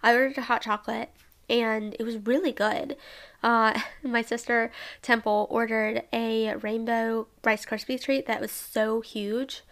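Speaking a little slowly with little pitch movement, this bright, fairly high-voiced travel vlogger from Alabama chats about a trip she took with her sisters. She's bubbly and young, sprinkling in "like" and small laughs throughout her casual recap.

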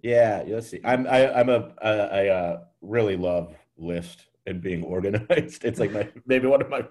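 Low-voiced joking man. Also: a little mellow. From Texas, USA. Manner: dry, joking, self-mocking, with halting restarts. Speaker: comedian guest. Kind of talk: casual podcast chat.

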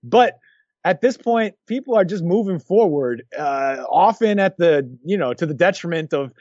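Brief: male podcast co-host, high voice, dry close mic, dull tone, jokey and animated. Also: moderate pace, no echo. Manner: animated, jokey, restarts often. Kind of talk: casual chat.

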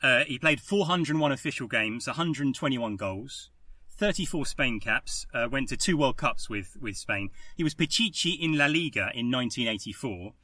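A male co-host with a bright, sharp tone who chats casually and reels off stats. His voice sits a bit back from the mic in an otherwise dry recording. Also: mid-range voice, expressive, normal speed, no echo, recorded from a distance. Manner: chatty, rattles off stats. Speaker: podcast co-host. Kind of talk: casual podcast discussion.

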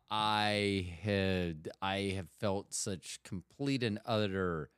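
A man's voice: fairly low pitch, clear, resonant tone, no room sound, studio quality. Rambling male podcast host, resonant voice. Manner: rambling, chatty, self-interrupting. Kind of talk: casual podcast monologue.

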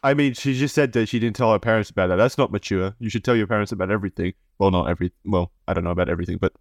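A man co-hosting a podcast in casual chat, wry and blunt, sometimes reading messages aloud in a higher voice. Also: very fast, no room sound, clean studio sound. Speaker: podcast co-host.

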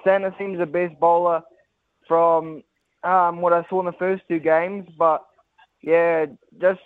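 A man's voice: sits high, dry recording. A man calling a talkback radio show, talking with lots of hesitant ums. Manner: hesitant, many ums, earnest. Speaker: caller. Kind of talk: casual phone-in chat. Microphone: phone. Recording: dry tinny phone line.

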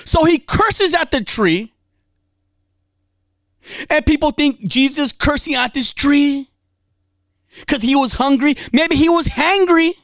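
A woman's voice: high voice, takes it slowly, pauses often, no echo. A woman giving a casual motivational talk, emphatic and repetitive, dropping slang as she drives her points home.

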